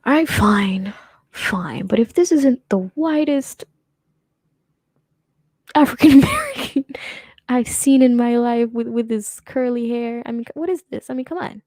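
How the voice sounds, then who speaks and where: A woman's voice: a little high, a little slow, long pauses, darkish tone, no echo, clean studio sound. A young woman hosting a casual reaction commentary, sarcastic and rambling, often laughing as she talks. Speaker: commentary host.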